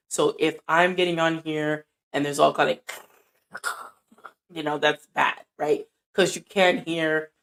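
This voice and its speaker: A middle-aged woman with a deep, soothing, grounded voice, giving a casual motivational talk and acting out both sides of conversations. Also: gravelly, fairly bright tone. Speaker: podcaster. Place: indoor room at night.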